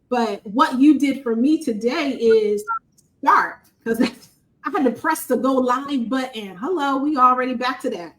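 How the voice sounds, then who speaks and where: A woman from Buffalo hosting a podcast, sharing a heartfelt testimony in an animated, emphatic way with a preacher-like cadence. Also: high voice, measured pace, poor audio. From Buffalo, New York, USA. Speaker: podcast host.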